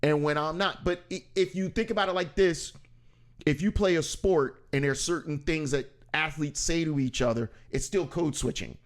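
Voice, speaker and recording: Guy hosting a podcast, kinda high voice, chatty and animated, does little voices for his stories. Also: normal speed. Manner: animated, acts out quoted voices, laughs often. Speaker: podcast host. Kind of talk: casual conversational storytelling.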